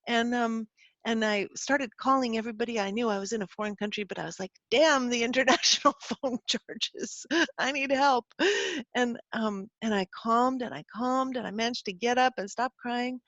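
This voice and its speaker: Female guest expert, earnest storyteller, higher voice, dry muffled line. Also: a little fast, no room sound. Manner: earnest, animated storytelling with many restarts. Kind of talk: interview answer, storytelling.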